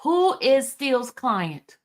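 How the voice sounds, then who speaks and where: A woman hosting a commentary video, reading court transcripts and pressing her viewers with repeated excited questions in a casual way. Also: high-pitched, takes it slowly. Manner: casual, addresses viewers as y'all. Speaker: commentary channel host.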